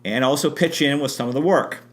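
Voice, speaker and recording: With a medium-pitched voice and a slightly fast pace, a man presents history off the cuff, adding spiritual asides. His talk rambles, full of restarts and corrections mid-sentence.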